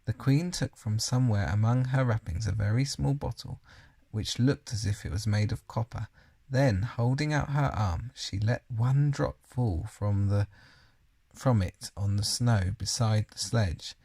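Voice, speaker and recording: A man's voice: on the low side, measured pace, creaky, warm tone, slightly rough. A man reading a children's novel aloud, plainly and with the odd slip and self-correction. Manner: unpolished reading, occasional slips and self-corrections. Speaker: reader.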